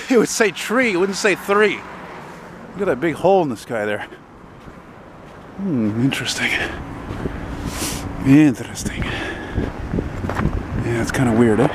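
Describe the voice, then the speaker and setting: A man's voice: on the high side, moderate pace, pauses often. A middle-aged man casually rambling and swearing as he films a walk down a city street. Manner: chatty, swears freely, spots buses and trucks. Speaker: vlogger filming a street walk. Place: outdoors on a city street in winter. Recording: outdoor street noise. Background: traffic and street noise.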